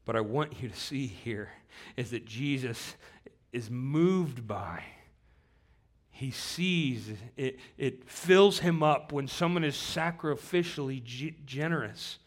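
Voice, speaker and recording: A man's voice: mid-range voice, a little slow. A man preaching a sermon, earnest and repeating key phrases for weight, rising to emphatic bursts as he reads scripture aloud. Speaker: pastor.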